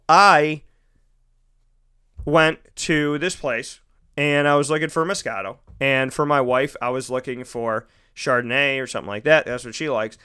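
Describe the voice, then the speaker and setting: Bright, clear-voiced male show host. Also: mid-range voice. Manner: animated storytelling, acts out quoted voices. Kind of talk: casual monologue. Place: studio.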